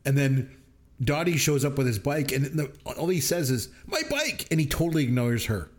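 A man co-hosting a podcast, recounting movie scenes with enthusiasm and quick quoted voices. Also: medium pitch, darkish tone. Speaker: podcast co-host. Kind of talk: casual movie review chat.

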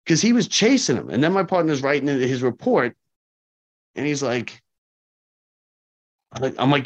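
A man's voice: mid-range voice, moderate pace, long pauses. A man who works as a corrections officer, telling stories casually in an interview, acting out the dialogue and repeating points for emphasis. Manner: animated, acts out dialogue, repeats himself for emphasis. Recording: slightly dull lo-fi audio.

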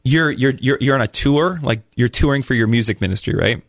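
A man hosting a religious radio interview, playful and quick to react. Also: mid-range voice, expressive, vocal fry, no room sound, clean studio sound. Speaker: radio host.

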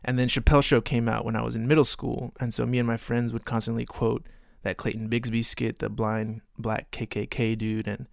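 A man's voice: medium pitch, flat delivery, fairly quick, creaky, hardly any pauses, no room sound, clean studio sound. A man from Texas hosting a podcast, rambling in a profane, self-mocking way. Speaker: podcast host. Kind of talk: casual podcast monologue.

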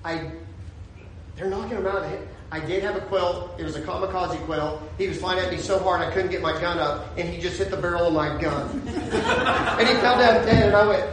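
A pastor delivers an animated, humorous sermon, breaking into loud exclamations and then dropping to soft, low asides. His voice sits fairly high for a man. The recording carries the echo of a large room with faint ambient noise behind. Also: fairly quick.

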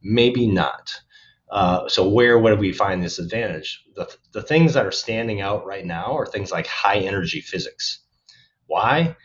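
A man appears as a guest on a podcast, speaking casually and thoughtfully while often restarting phrases as he explains. He sounds upbeat about the future. His voice is on the low side and unhurried, and the audio is dull.

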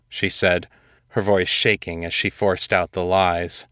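A man with a very low voice narrates a story in a steady, even manner, reading every character's lines himself. The close mic is dry, with no room sound. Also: a little slow, smooth, no room sound. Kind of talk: scripted audiobook narration.

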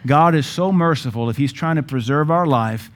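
A pastor preaching to his church in a lively, joking way. He hammers points home with sudden emphatic bursts, then drops back to plain talk, a man in mid-sermon. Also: on the high side, normal speed.

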